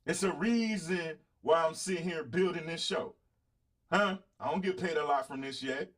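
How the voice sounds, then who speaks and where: Husky, a bit bright and a little high, the voice belongs to a middle-aged Southern US podcast host speaking at a moderate pace. He gives his audience a blunt, boastful, profane monologue on his own show.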